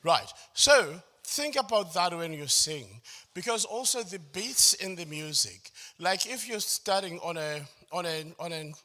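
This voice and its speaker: A man's voice: high voice, animated, measured pace, bright, forceful tone. A man leading a choral workshop, explaining phrasing step by step and singing short lines to show it. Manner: explains step by step, often asks "does it make sense?"; sings and hums phrases to demonstrate. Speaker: choral music workshop facilitator. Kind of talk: workshop lecture.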